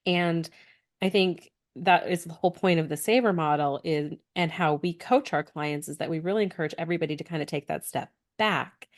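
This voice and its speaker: A woman's voice: sits low, a little fast. A woman co-hosting a podcast in casual conversation, talking earnestly in long flowing stretches. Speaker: podcast co-host.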